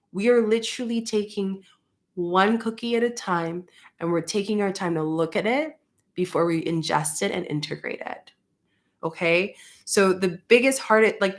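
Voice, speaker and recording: A young woman sharing a channeled spiritual message in a casual, earnest way, then leading a soft guided meditation. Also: mid-range voice. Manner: earnest, conversational, with slow soft guided breathing cues. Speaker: spiritual guide and card reader.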